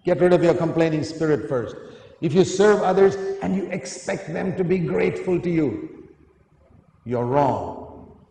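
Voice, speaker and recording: A man's voice: a little high, lively intonation, unhurried, vocal fry, mellow. A man preaching a sermon, earnest and emphatic, often asking his listeners questions. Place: large hall. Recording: echoey hall, faint noise.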